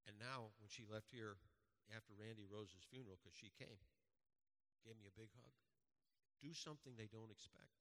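A man's voice: fairly low pitch, moderate pace, long pauses, a bit bright, in a large hall. A man preaching a sermon as pastor, earnest and exhorting, with direct repeated commands to his congregation. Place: church.

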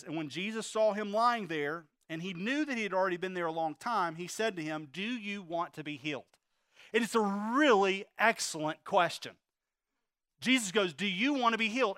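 A man's voice: sits high, bright, forceful tone, no room sound. A man preaching a sermon to his congregation in an earnest, conversational way, full of asides and rhetorical questions. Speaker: pastor.

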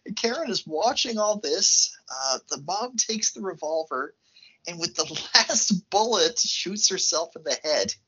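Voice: medium pitch, lively intonation, measured pace, pushed and bright, breathy edge, highs cut off. A podcast co-host casually recapping a film plot, laughing often.

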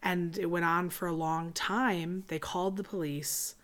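A woman from Michigan co-hosting a podcast, telling a story in casual chat, animated, swearing freely and laughing often. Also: lowish voice, measured pace. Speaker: podcast co-host.

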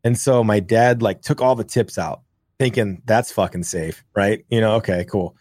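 A man with a lowish voice tells rambling childhood stories, swearing freely and getting animated as the tale builds. He talks into a close podcast mic with a very dry sound, no room around him. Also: moderate pace, no room sound. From grew up in the countryside. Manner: rambling, profane, animated storyteller. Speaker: podcast co-host. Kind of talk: casual storytelling chat.

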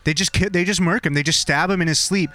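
A man's voice: high voice, fast talker, pushed and bright, no echo. A young man casually retelling a story with slang and swearing, laughing and acting out the characters. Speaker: podcast host retelling a story.

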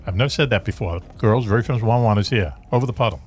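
A man's voice: lowish voice, racing, a little mellow, soft background music. A man with a Boston accent hosting a radio talk show, joking and rambling with his guest. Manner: jokey, rambling. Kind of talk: casual radio chat.

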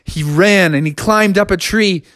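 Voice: mid-range voice, unhurried. A storyteller improvising a silly spoken story, rambling playfully from one "and then" to the next. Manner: playful, animated, rambling narration with run-on "and then".

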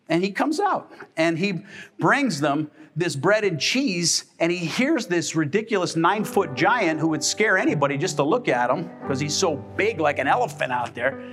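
In a church sanctuary, a pastor preaches a sermon emphatically, calling out questions for the congregation to answer back. His male voice is slightly high with a fairly bright tone.

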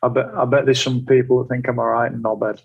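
A man with a gravelly, creaky voice talks in a flat, level tone. He is earnest and reflective, often pausing and repeating himself as he works through his thoughts in a relaxed conversation. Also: medium pitch, narrow, tinny audio. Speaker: guest. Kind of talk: casual conversation.

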